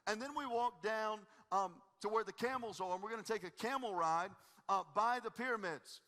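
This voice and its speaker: Lively high-voiced pastor. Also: male voice, normal speed, in a large hall. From Tennessee. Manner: energetic, joking, folksy. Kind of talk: sermon with humorous storytelling. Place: church stage before a congregation.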